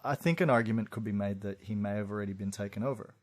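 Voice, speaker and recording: A man with a lowish, darkish voice talks fast while co-hosting a podcast. He chats casually about a film, laughing often and restarting his sentences.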